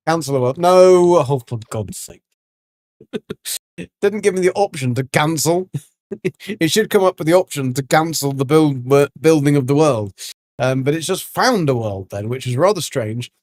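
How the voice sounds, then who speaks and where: A man's voice: a little high, darkish tone, dry recording, studio quality. A man giving casual, rambling gameplay commentary as a streamer, full of ums and restarts. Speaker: gaming streamer.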